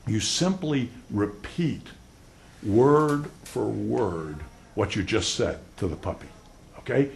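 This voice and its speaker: An older man giving an animated law lecture on cross-examination, acting out both roles and swinging between loud and soft. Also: fairly low pitch, slow, gravelly, slight background noise. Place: lecture hall.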